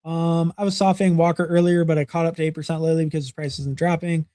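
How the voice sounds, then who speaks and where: A man's voice: a little high, little pitch movement, fast, warm tone, no echo, studio quality. A young man hosting a livestream, casually reviewing fantasy football draft picks and rambling with lots of fillers and repeated words.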